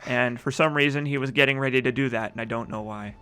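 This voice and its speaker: A man with a medium-pitched voice and fairly even intonation talks at a quick pace over his own speedrun video, joking, swearing, rambling and reading chat aloud. It's a desk-mic voice-over with background noise and game music behind him.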